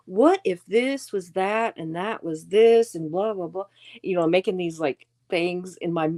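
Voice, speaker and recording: A woman's voice: on the low side, a little mellow. A middle-aged woman hosting a casual livestream, chatting in a rambling way, reading viewer comments aloud and laughing often. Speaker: livestream host.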